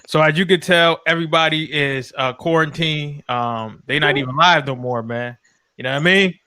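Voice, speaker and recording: A man hosts a casual sports podcast, his voice bright and forceful, a little higher than most men's. He keeps the talk loose and slangy. The sound is dry and close, with no room around it. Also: moderate pace, dry recording. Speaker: podcast host.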